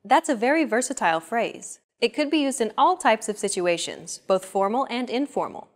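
Young woman, lesson host, explains steadily and clearly in a scripted read. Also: on the high side, lively intonation, moderate pace.

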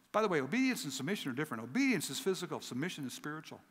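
A slightly higher-pitched man preaches as a guest pastor, his voice carrying a long reverb through a church sanctuary. He tells stories with acted voices and swings from emphatic peaks down to hushed lows. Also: rapid-fire, few pauses, slightly rough. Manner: animated storytelling, acts out voices in his stories; rising to emphatic peaks then dropping low. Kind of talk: sermon.

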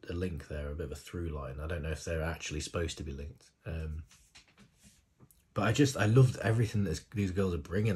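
A man hosting a music video reaction, talking in a rambling, effusive way with sudden excited exclamations. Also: deep voice, slightly rough. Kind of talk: casual reaction commentary.

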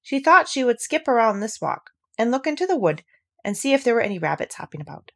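A woman reading a classic novel aloud with expressive storytelling. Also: fairly high pitch, fast talker, gravelly. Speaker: audiobook reader.

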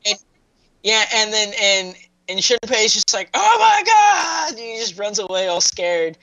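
A man's voice: high-pitched, fairly even intonation, normal speed, bright, forceful tone, low-quality recording. A man co-hosting a casual review podcast, rambling through plot recaps with lots of fillers. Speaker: podcast co-host.

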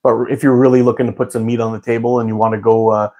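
A man's voice: mid-range voice, flat delivery, fast, a little mellow. A man hosting a live stream, chatting casually with viewers in a rambling way and laughing often. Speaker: live-stream host answering chat.

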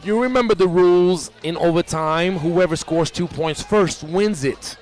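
High-voiced excitable basketball commentator, man. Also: measured pace, faint music behind, a faint crowd. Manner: excitable, rises to shouts on big plays. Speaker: play-by-play commentator.

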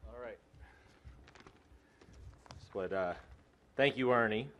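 A man's voice: on the low side, slow, noisy background. A man in his forties, a head track coach, giving a joking, self-deprecating and rambling hall of fame acceptance speech. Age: 40s.

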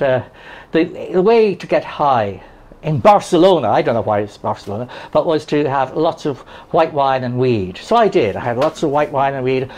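An older man telling rambling, halting, deadpan absurd stories as a stand-up comedian on a live stage. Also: mid-range voice. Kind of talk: stand-up storytelling.

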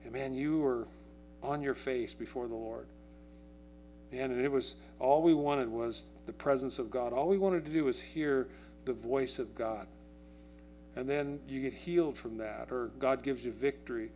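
A man preaching a sermon as a pastor. He talks conversationally, asks the congregation questions and acts out quotes in a raised, excited voice. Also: medium pitch, measured pace, soft background music. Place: church.

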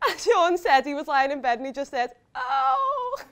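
A woman's voice: high voice, moderate pace. A young woman giving an emotional wedding speech as the bride, laughing between lines. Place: hotel wedding reception.

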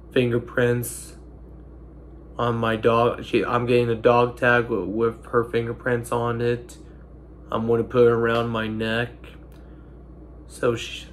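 A young man in his twenties, speaking in halting, broken sentences while holding back tears, his nose stuffy. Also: mid-range voice, a little hiss or hum. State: stuffy-nosed. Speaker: vlogger. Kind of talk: emotional personal monologue.

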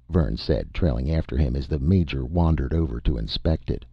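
A man narrates an audiobook in a very deep, gravelly and husky voice. His delivery is lively, with pitch rising and falling through the tale. The sound is dry and a bit dull. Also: moderate pace, hardly any pauses, dry recording. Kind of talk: scripted first-person narration.

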